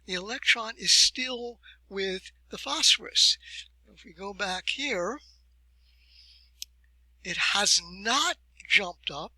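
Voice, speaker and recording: In a low-quality recording with no echo, a man gives a university lecture, explaining step by step with deliberate emphasis and rhetorical questions. His voice sits high and is expressive and sharp in tone.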